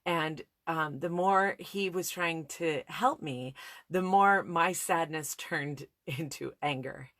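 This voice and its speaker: A woman in her thirties with a low voice shares a personal story in a reflective, candid way. She often restarts her sentences mid-thought. The recording is dry and close, with no room sound. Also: slow, a bit bright, dry recording. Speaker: speaker on listening skills.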